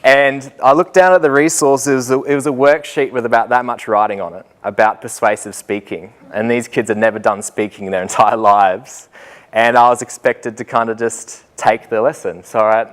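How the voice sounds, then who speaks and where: A young Australian man tells a live group stories in a loose, chatty way. He pokes fun at himself and breaks into laughter often. His pitch sits in the middle range for a man. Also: steady tone, moderate pace. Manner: chatty and self-mocking, laughs through his own stories. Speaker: student teacher giving a talk. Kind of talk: storytelling talk to a live group.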